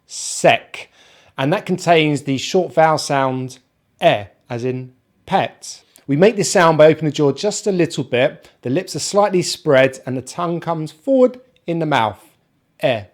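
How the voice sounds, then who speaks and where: A man with a British accent teaching an online pronunciation lesson, speaking slowly and modelling each sound one at a time. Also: fairly high pitch. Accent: British English, non-rhotic. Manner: slow, careful, demonstrates sounds one by one.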